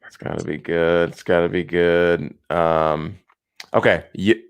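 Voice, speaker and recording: Low-voiced male host for a relaxed video call chat, jokey and easygoing. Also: a little slow, clear, resonant tone. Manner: easygoing, joking, many ums. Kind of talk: casual live video chat.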